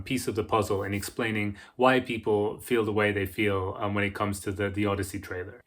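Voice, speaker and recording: A man from Britain giving casual video-essay commentary as a book vlogger, chatty and excitable with frequent restarts. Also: medium pitch.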